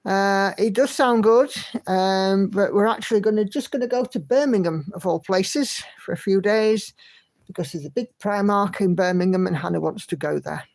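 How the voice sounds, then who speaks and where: A woman hosts a relaxed livestream from home, greeting viewers by name in a friendly, chatty way. Her voice has a gravelly edge, and the sound is dry and close. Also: mid-range voice, normal speed, no room sound. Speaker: livestream host. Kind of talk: casual livestream chat, reading viewer comments.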